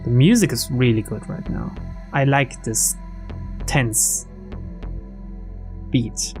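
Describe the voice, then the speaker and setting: A man's voice: mid-range voice, slow pace, darkish tone. A man narrating a game casually, with sarcastic, chuckling asides. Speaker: let's play narrator. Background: game music.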